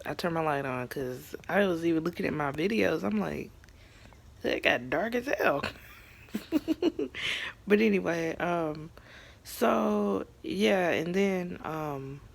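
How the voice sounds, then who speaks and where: Gravelly-voiced young reviewer, chatty and emotional. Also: medium pitch, a little hiss or hum. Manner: chatty, emotional, many fillers, drops into whispers and laughs. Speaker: TV show reviewer. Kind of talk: casual TV recap vlog.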